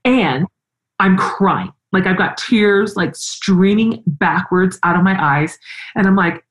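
Middle-aged woman host, low pitch, earnest and expressive in conversation. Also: normal speed, poor audio. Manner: earnest, expressive, animated storytelling. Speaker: interview host. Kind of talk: conversational interview.

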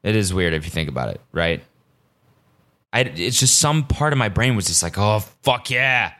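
A man hosting a solo podcast, rambling casually and swearing often, veering between excitement and deadpan asides. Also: low voice, moderate pace. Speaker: podcast host.

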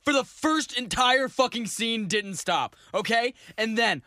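A man's voice: very high-pitched, lively intonation, measured pace, bright, forceful tone, no echo, clean studio sound. Man swearing and mimicking people. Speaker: podcast co-host. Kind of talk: casual comedic chat.

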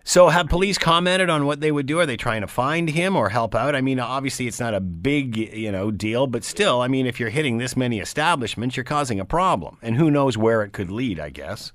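A man's voice: medium pitch, animated, brisk, hardly any pauses, fairly bright tone, no echo. A man hosting a radio interview, asking conversational questions with some stumbles. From Canada. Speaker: radio talk show host.

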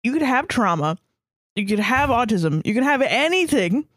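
A young woman co-hosting a casual podcast, talking in an animated, swearing way and mimicking the people she quotes. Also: on the high side, moderate pace, no room sound, studio quality. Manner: animated, swears freely, puts on quoted voices. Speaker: podcast co-host. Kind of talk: casual chat.

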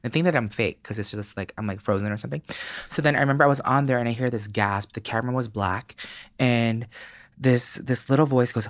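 Man, late 20s, from Florida, animated storyteller, swears freely, dry close mic. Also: medium pitch, fast talker, no echo. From Florida, United States. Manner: animated, swears freely, acts out voices in anecdotes. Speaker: guest, beauty creator. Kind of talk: casual interview storytelling.

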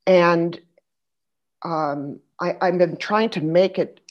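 A middle-aged woman telling stories in a casual conversation, animated, acting out the people she quotes and dropping into soft asides. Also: on the low side, normal speed. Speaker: podcast guest, actress.

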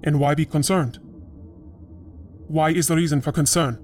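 A woman's voice: low-pitched, steady tone, normal speed, darkish tone, faint music behind, lightly acted. A woman voicing a brooding, stubborn young man with a Russian accent who talks in blunt, broken phrases. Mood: sullen.

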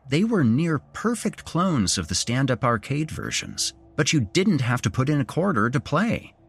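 Husky, lively male storyteller. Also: medium pitch. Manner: expressive first-person storytelling. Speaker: podcast host and narrator. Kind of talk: scripted horror story narration.

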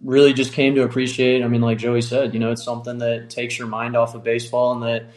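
A man, a baseball pitcher guest, talking easygoingly with many fillers in a casual interview. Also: monotone, fast talker, a little mellow. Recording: echoey room.

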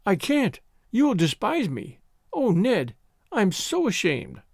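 A man's voice: wildly swooping pitch, slow pace, creaky, no echo, clean studio sound, exaggerated voice. A man voicing a distraught young woman who sobs and pleads as she confesses. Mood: ashamed. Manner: sobbing, high and breathless pleading.

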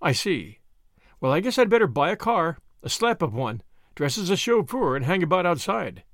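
A man's voice: sits high, sing-song, moderate pace, fairly bright tone, no echo, studio quality, exaggerated voice. A man voicing a brash, generous young American with an American accent and breezy, confident slang.

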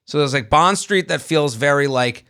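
Rambling man, fairly high voice. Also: pushed and bright, clear, resonant tone. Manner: rambling, halting restarts, laughs often. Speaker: podcast co-host, comedian. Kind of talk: casual chat.

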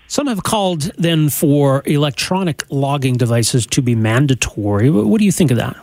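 A man's voice: on the high side, lively intonation, normal speed, darkish tone, no room sound. A male radio host interviewing a guest, asking prompting questions in a conversational way.

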